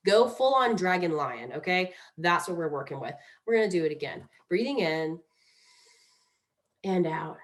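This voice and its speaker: Woman, lowish voice, playful mindfulness teacher, casual and chatty. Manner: chatty, playful, demonstrates breathing exercises aloud. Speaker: mindfulness instructor. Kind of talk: casual instructional talk.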